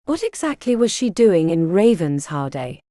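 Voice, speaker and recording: A guarded young Highland warrior asks short, pointed questions, voiced by a woman narrator. The pitch moves lively and the tone stays mellow, with a dry, close recording. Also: unhurried, no echo. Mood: tense.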